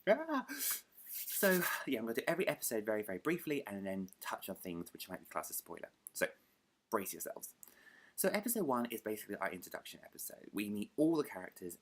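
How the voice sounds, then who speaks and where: A young man with a British accent and a deep, low voice talks casually to his viewers. He rambles from point to point and stops to correct himself. He pokes fun at his own slips. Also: fairly bright tone. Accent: British English. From United Kingdom. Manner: chatty, self-deprecating, rambling with restarts. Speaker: book vlogger. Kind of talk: casual chat to camera.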